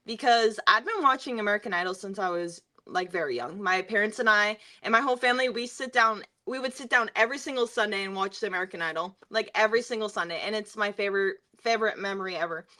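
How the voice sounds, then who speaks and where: A young woman, a singer appearing as an interview guest, talks fast in a mid-range voice that sounds pushed and bright, with few pauses. She tells stories casually, leaning heavily on fillers and laughing often.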